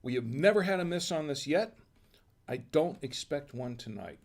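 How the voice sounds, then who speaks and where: A man hosting a home wine and cheese tasting, talking casually and thinking aloud with restarts and quiet asides. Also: fairly high pitch, expressive, normal speed. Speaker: host of a wine tasting show.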